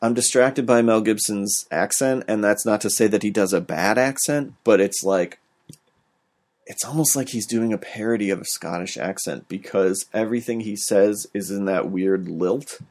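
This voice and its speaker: A man with a fairly low voice, talking through a movie in a loose, rambling way. He fills his sentences with "like" and "um" as he chats casually with a co-host. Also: normal speed. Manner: relaxed, rambling, frequent fillers and "like". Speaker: podcast co-host. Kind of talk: casual movie review chat.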